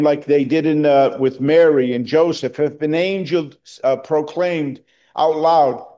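A middle-aged man preaching a sermon as pastor, earnest and deliberate, lifting his voice on quoted scripture. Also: on the high side, dark tone, highs cut off. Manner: slow, earnest preaching with emphatic rises on quoted verses.

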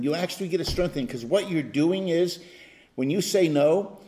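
A male pastor teaching an interactive Bible study, emphatic and animated, at times bursting into loud exclamations. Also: fairly high pitch, slight background noise.

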